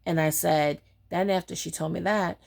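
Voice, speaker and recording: A woman's voice: on the low side, fairly even intonation, normal speed, gravelly, a little mellow. A woman telling a personal story in a casual, blunt and chatty way, acting out the dialogue with lots of fillers. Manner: frequent fillers like "like" and "um".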